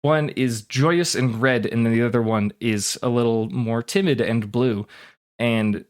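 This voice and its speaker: A man's voice: medium pitch, steady tone, a little slow. A man narrating as game master of a tabletop game, talking casually with plenty of fillers.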